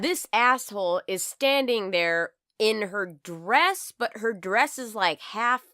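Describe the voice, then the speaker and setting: A woman's voice: medium pitch, big pitch swings, slow, few pauses, sharp tone, no echo, studio quality. A woman in her twenties telling a personal story on her vlog, candid and profane, acting out scenes as she goes. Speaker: vlogger.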